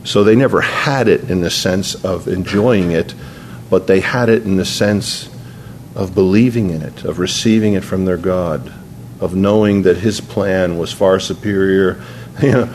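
A man's voice: sits low, a little slow, a little mellow, a little hiss or hum. A man preaching a sermon in an earnest, conversational way, slipping into spoken prayer. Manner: earnest, conversational, prays aloud mid-sermon.

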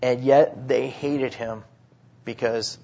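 A man preaching a sermon, swinging between hushed, drawn-out phrases and sudden emphatic bursts. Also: mid-range voice, steady tone, gravelly. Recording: dull lo-fi sermon recording.

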